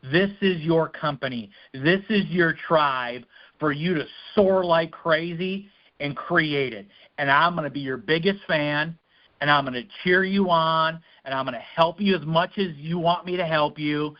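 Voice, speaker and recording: Rousing male motivational speaker, somewhat high voice, dull call audio. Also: a little slow. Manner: fiery, rousing. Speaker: guest speaker. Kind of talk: motivational speech.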